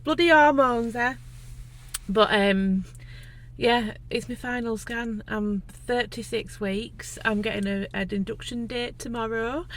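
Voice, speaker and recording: A woman's voice: a little high, steady tone, measured pace. A pregnant woman, chatting to camera in a casual vlog, laughing often and teary. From England. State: heavily pregnant, out of breath at times. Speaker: vlogger. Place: in and around a car at a hospital.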